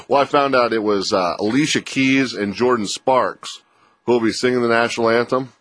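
A man's voice: mid-range voice, moderate pace, fairly bright tone, no room sound. Rambling joking sports radio co-host man. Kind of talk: casual sports radio banter.

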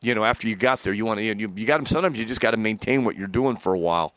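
A man's voice: lowish voice, very fast, a bit bright, no echo. A man co-hosting a sports radio show in a rambling, folksy way, full of "you know"s. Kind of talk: casual sports radio chat.

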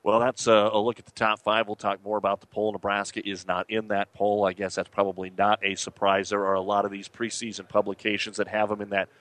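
A male sports radio host giving a news rundown, matter-of-fact and steady with the odd filler. His voice is a bit low, and it is recorded dry and close. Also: a little fast, few pauses, no echo.

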